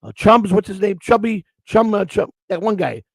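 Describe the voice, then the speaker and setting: A man's voice: high voice, lively intonation, moderate pace, vocal fry, slightly rough, no echo, poor audio. A man co-hosting a live-streamed morning show, chatting in a crude, rambling way, repeating words and greeting people in the chat.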